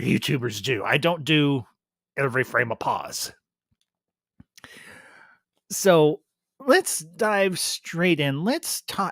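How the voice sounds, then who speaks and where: A man's voice: medium pitch, vocal fry, pushed and bright, no room sound, clean studio sound. A man hosting a casual review stream, chatting with enthusiasm and restarting his phrases often. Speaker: YouTube reviewer.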